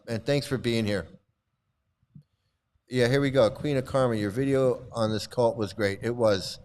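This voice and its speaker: A man hosting a casual video commentary, talking in an animated, repetitive, indignant way. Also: medium pitch, clear, resonant tone. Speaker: host.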